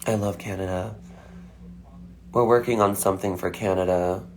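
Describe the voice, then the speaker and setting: A man's voice: deep voice, fairly even intonation, normal speed. A man chatting casually on a phone livestream, answering fan questions with lots of fillers. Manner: chatty, filler-heavy, frequent "like".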